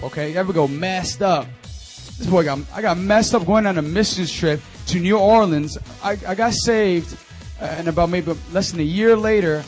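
Young guy with a high voice telling his testimony to a youth group, super chatty, lots of "like", faint music in the back. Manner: animated and conversational, full of fillers. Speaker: youth ministry speaker. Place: church youth service.

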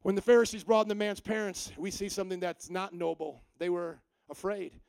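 A man preaching a sermon, animated and full of rhetorical questions to the congregation. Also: high-pitched, brisk, vocal fry, clear, resonant tone, no echo. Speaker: pastor.

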